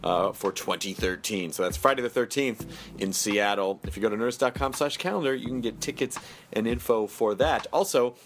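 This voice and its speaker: A man's voice: fairly low pitch, brisk, faint music behind. A man in his thirties hosting a podcast, chatting casually and reading ads in a jokey, rambling way. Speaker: podcast host. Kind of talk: casual chat with ad reads. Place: New York studio.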